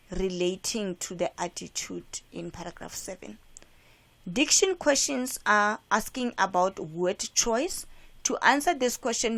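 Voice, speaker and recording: A woman's voice: medium pitch, vocal fry, fairly bright tone. A woman with a South African accent, an English teacher explaining how to answer comprehension questions and checking in with "right?". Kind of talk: classroom lesson explaining exam questions.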